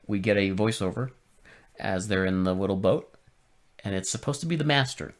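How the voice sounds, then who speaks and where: A man co-hosting a podcast in casual chat, animated and finishing his co-host's sentences. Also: lowish voice, moderate pace. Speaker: podcast co-host.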